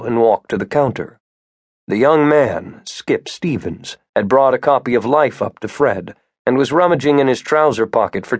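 A man reading an audiobook as narrator, with expressive storytelling. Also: medium pitch, no room sound, studio quality. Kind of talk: scripted narration.

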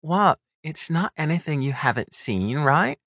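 A coy, teasing young woman from a storybook, as a male narrator puts her on, lifted well above his own voice. Her lines come out bright and playful, in a dry, close-up studio sound. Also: on the high side, big pitch swings, measured pace, no echo, pitched above the performer's own voice, exaggerated voice.

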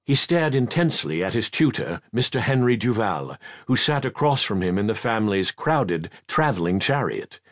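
A man narrating a children's fantasy audiobook in an expressive storybook style. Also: fairly low pitch, normal speed, hardly any pauses, dry recording, studio quality.

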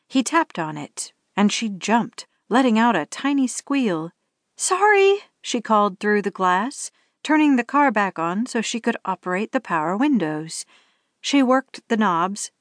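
A woman narrating a romance audiobook in a steady storytelling manner. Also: on the high side, dry recording, studio quality. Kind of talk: scripted narration.

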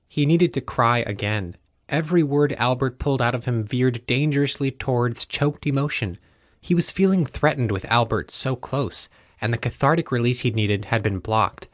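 A man reads a novel aloud in a steady, measured narration. His voice sits in the middle for a man, and the recording is dry and close with no room sound. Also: medium pitch, no room sound. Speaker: audiobook narrator. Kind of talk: scripted narration.

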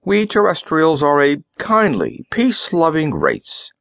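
A man's voice: fairly high pitch, huge pitch swings, unhurried, vocal fry, fairly bright tone, no room sound, clean studio sound, pitched above the performer's own voice, heavily acted. A man voicing a pompous, scheming middle-aged male ambassador in an audiobook, snapping and self-satisfied.

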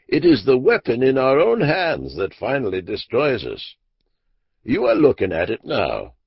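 A man's voice: mid-range voice, wildly swooping pitch, measured pace, vocal fry, husky, dry recording, pitched above the performer's own voice, exaggerated voice. Man playing a grave, preaching moralist. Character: stern, solemn older backwoods moralist, Abner. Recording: dull lo-fi audiobook recording.

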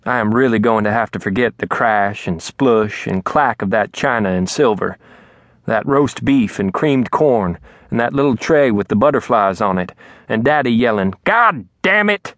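A man narrating an audiobook in a soft, even storytelling voice. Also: lowish voice, normal speed, no echo. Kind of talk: scripted narration. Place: recording studio.

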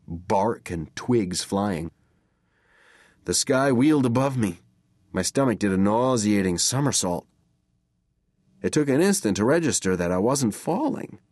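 A man reading a first-person horror story as an audiobook narrator, measured and dramatic. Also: lowish voice, darkish tone, dry recording, studio quality.

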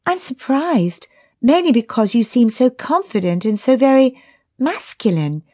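A woman's voice: a little high, very animated, a little slow, mellow, voice pushed up. A woman narrator voicing the heroine's own dialogue, a direct, teasing young woman.

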